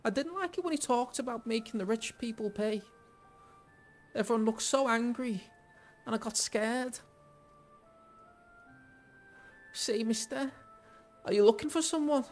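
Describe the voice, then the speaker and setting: A high frightened small child. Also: male voice, normal speed, faint music behind. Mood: worried. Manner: high, pleading, breathless.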